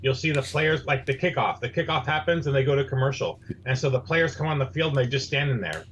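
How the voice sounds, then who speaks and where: A man in a casual group talk, complaining about sports crowds and pacing with animated storytelling. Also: medium pitch, fast, breathy edge, dull audio. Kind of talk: casual chat.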